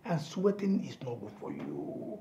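An actor playing an excitable male friend who stammers and pleads while trying to calm things down. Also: a little high, a little slow, vocal fry, dull audio, slight background noise, heavily acted. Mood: pleading. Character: jittery male friend, self-styled fixer. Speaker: friend and fixer. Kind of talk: film drama acting. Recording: echoey room with music under.

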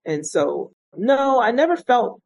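A middle-aged woman, a retired state police officer appearing as an interview guest, recounts her life story in conversational fashion, earnest and reflective, growing animated whenever she quotes other people. Her voice is slightly high, slow-paced and creaky. The audio quality is poor.

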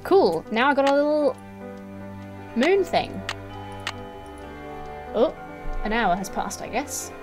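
A chatty woman commenting on a game as she plays, joking and muttering to herself. Her pitch jumps around a lot, and faint game music plays behind her. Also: big pitch swings, takes it slowly, pauses often. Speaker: let's play streamer. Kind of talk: casual gameplay commentary.

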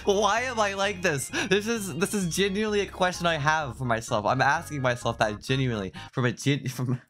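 A man's voice: mid-range voice, fairly quick, a bit bright, soft background music. A young man giving let's play commentary, self-mocking and laughing often, breaking into yelps of alarm. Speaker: gaming YouTuber.

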